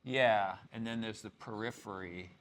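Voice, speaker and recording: Unhurried and a bit bright, this man's low-leaning voice carries an informal guest lecture at a university. He talks in a loose, conversational way, often restarting, wandering into asides and saying "you know."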